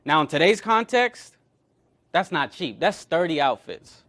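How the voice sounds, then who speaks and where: A man with a high-pitched voice preaches a sermon. He retells a scripture story with energy and acts out the characters' lines as he goes. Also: measured pace. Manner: animated, acts out quoted characters. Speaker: pastor.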